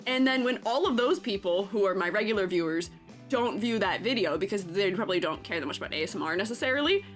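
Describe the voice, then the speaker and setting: A woman's voice: mid-range voice, lively intonation, quick pace, fairly bright tone, faint music behind. A woman streaming and chatting casually, rambling with lots of fillers and frequent giggles. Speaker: streamer and art teacher. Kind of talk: casual live-stream chat.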